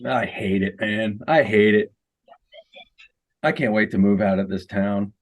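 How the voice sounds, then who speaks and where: A man's voice: lowish voice, fairly even intonation, measured pace. A middle-aged man from Missouri, a guest in a casual podcast chat who tells stories loosely and laughs often.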